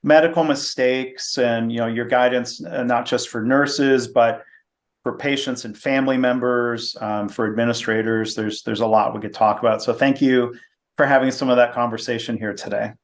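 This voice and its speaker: A man hosting a podcast who wraps up an interview in a measured, appreciative way, with frequent fillers. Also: medium pitch, steady tone. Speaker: podcast host. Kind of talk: interview wrap-up.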